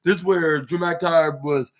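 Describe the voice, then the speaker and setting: A man's voice: a little high, fairly even intonation, moderate pace. A man hosting a solo podcast, retelling a wrestling match move by move and briefly acting out the wrestlers' lines. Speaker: podcast host.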